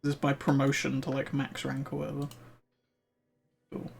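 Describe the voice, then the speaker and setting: A man's voice: medium pitch, monotone, normal speed, creaky, long pauses, slight background noise. A man giving casual, chatty commentary while he plays a game live, swearing freely and sounding a little worn, as he is losing his voice. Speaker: game streamer.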